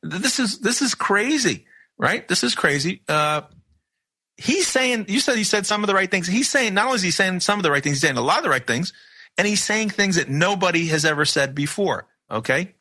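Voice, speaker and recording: A male radio host pushes his points in emphatic bursts and keeps firing off rhetorical questions. His voice sits a little high, with a bright, sharp edge. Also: animated, brisk. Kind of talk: opinionated radio talk.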